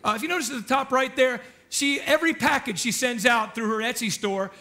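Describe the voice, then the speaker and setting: A man's voice: extremely high pitch, a little fast, bright, forceful tone. A male pastor giving a casual sermon, chatty and joking, often asking the congregation questions.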